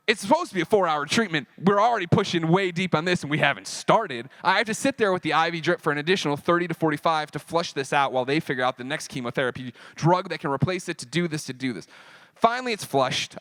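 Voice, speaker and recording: A man speaking at a convention panel, telling a personal story in an animated, profane way and acting out the dialogue. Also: fairly high pitch, fast talker, no room sound.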